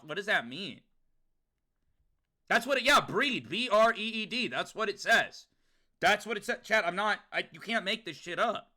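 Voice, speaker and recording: A young man from New York streaming to his chat, loud and animated, swearing often and talking straight to his viewers. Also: fairly high pitch. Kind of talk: casual livestream chat.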